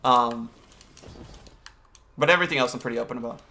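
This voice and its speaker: A man's voice: mid-range voice, brisk, pushed and bright. A young man streaming a video game, chatting casually and greeting viewers and answering chat as he plays.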